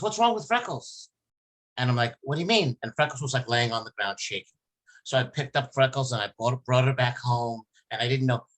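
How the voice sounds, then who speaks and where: A man's voice: medium pitch, fairly bright tone. Man telling a sad story, rambling. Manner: emotional, rambling storyteller with many restarts. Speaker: podcast host. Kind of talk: casual chat, telling a personal story.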